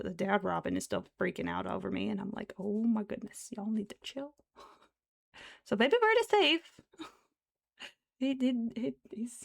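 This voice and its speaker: A young woman streamer chatting casually while she crochets, rambling along with soft laughs and half-whispered asides. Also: medium pitch, gravelly. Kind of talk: casual chat while crafting.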